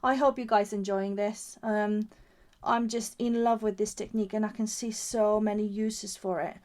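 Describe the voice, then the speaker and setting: A woman's voice: medium pitch, fairly even intonation, moderate pace, darkish tone. Gushing woman demonstrating a craft. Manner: gushing, admiring her own work; chatty, thinking aloud as she works. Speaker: craft shop founder and demonstrator.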